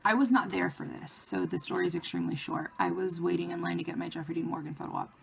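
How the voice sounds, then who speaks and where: A woman vlogger telling a story in a casual, excited way, with lots of "like" fillers. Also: fairly low pitch, fast talker, vocal fry, a little hiss or hum. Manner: excited retelling of a fan encounter, many "like" fillers.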